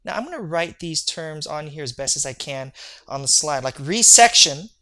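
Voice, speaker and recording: A lecturer giving a recorded online lecture on medical terms, energetic and joking, often checking in with the listener. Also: mid-range voice, normal speed. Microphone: recorded video lecture.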